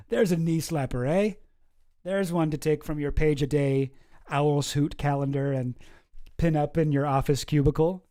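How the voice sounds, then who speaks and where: A man's voice: a little high, very animated, measured pace, long pauses, mellow. A man hosting a casual commentary video, rambling and sarcastic, chuckling at his own jokes. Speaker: host.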